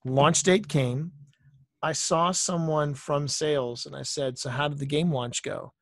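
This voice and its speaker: A man's voice: fairly high pitch, fairly even intonation, a little slow, a bit bright, dry recording, studio quality. A male guest on an interview podcast, telling workplace anecdotes in a casual way and often repeating phrases for emphasis. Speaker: author and entertainer guest.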